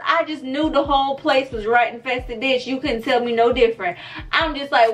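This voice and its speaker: Young woman vlogger, high voice, brash and animated storyteller. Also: moderate pace. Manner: animated, profane, addresses viewers as girl and bitch. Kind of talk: casual storytime.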